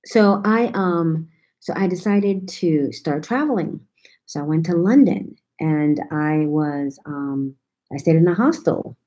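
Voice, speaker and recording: A New York vlogger with a low, warm voice tells a story while chatting sassily with her viewers. She teases them and swears freely as she answers their comments.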